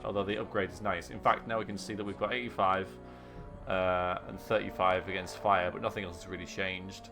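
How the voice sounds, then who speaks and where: A man with a low, creaky voice and flat delivery talks a little fast as he streams a video game. Even so, he's chatty and joking with viewers and laughs often, with game music faintly heard.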